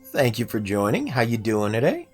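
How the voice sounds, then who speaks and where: A man's voice: medium pitch, huge pitch swings, normal speed, breathy edge. Chatty young man streaming a game. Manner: chatty, asks chat for feedback. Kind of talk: casual livestream gameplay commentary. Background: faint game music.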